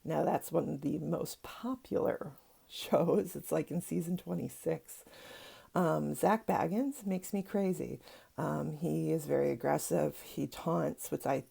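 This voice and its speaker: A middle-aged woman talking casually to camera in a low, gravelly voice. She rambles along with fillers and asides, and her tone is dark and slightly husky. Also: a little slow. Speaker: psychic and spiritual teacher.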